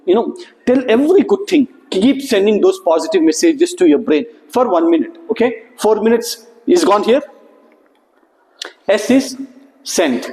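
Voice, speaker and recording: A man giving a lively motivational workshop to students, often checking in with a rising "okay?". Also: sits high, unhurried. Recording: echoey hall recording.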